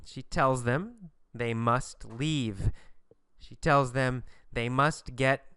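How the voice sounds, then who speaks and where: A man's voice: mid-range voice, clear, resonant tone, no room sound. A man teaching an English lesson through questions and answers about a story, speaking emphatically. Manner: slow, emphatic teacher delivery with lively intonation.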